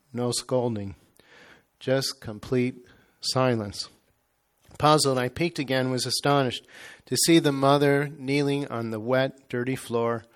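A man reading a devotional story aloud in a slow, measured, reverent way. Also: medium pitch. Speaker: reader.

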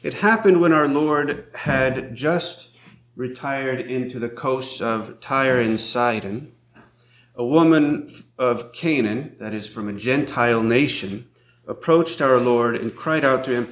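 A man preaching a sermon as a priest, in a slow, measured way, reading scripture aloud. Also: mid-range voice, fairly bright tone, roomy sound.

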